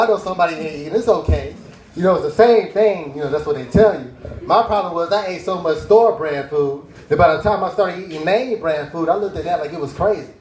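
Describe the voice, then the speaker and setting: A man's voice: a little high, echoey room, a little hiss or hum, poor audio. A young man doing a laid-back stand-up routine on a cafe stage, with laughing asides. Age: young adult. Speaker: stand-up comedian.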